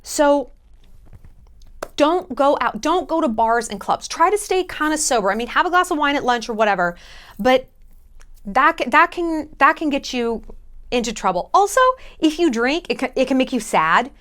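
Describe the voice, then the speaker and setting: A woman's voice: sits high, expressive, moderate pace, fairly bright tone. A woman travel vlogger giving casual advice in a blunt, jokey, sometimes profane way.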